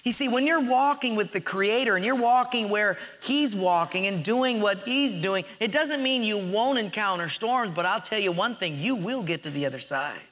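A man preaching a sermon, telling a story with animated acted-out quotes and slowing to stress key phrases. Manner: animated storytelling, acts out quotes with big pitch jumps.

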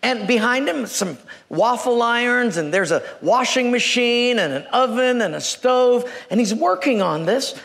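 A man's voice: extremely high pitch, expressive, measured pace, vocal fry, fairly bright tone. A man preaching a sermon in a folksy, joking storytelling manner, heard in a church hall. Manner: folksy, joking, chuckles between lines. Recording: long reverb from a hall.

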